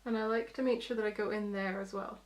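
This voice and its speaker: A woman's voice: mid-range voice, fairly even intonation, quick pace. A young woman, chatting through a makeup tutorial as a beauty vlogger, explaining each step.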